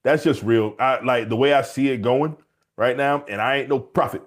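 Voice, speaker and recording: Male podcast co-host, relaxed conversational delivery, animated storyteller. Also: medium pitch, normal speed. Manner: animated storytelling, laughs often. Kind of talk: casual podcast chat.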